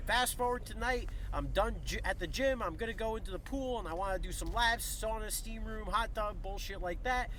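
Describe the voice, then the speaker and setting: A young man ranting in a commentary vlog, blunt, profane and animated. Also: sits high, no room sound. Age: young adult. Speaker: YouTuber.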